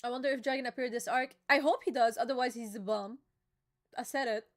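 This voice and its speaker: A young woman hosting a casual live reaction chat, talking excitedly and emotionally with slang and lots of fillers. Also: a little high, brisk. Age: young adult. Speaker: channel host reacting to a manga chapter.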